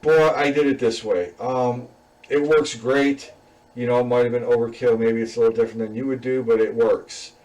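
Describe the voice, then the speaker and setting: A male student casually walks through his class programming assignment in a screen-recorded code walkthrough, rambling with fillers and small chuckles. His mid-range voice is steady and darkish at a moderate pace. He sits far from the mic, and the recording is rough.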